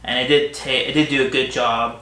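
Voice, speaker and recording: Guy rambling thru a movie review w his partner, bright forceful voice, echoey room. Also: mid-range voice, flat delivery, brisk. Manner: rambling, restarts sentences, easygoing. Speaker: co-host of a couple's film review. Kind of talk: casual movie review chat.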